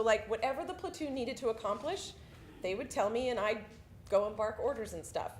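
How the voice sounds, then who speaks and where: Animated, profane woman veteran telling a story. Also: medium pitch, slight background noise. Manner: casual, profane storytelling with lively swings. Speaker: army veteran recounting basic training. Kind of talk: spoken monologue performance. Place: theatre stage.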